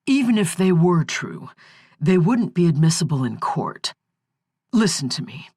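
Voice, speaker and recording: A woman voicing a male defense attorney who speaks in a measured, soothing way. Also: big pitch swings, mellow, breathy edge, dry recording, clean studio sound, heavily acted. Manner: measured, soothing, low-key. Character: calm male defense lawyer.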